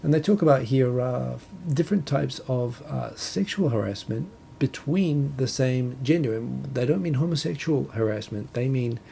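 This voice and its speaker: A man's voice: medium pitch, moderate pace, vocal fry, hardly any pauses, warm tone, slight background noise. A man from New Zealand with a New Zealand accent, hosting a casual solo talk show and rambling with self-corrections and chuckles. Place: home, Tokyo.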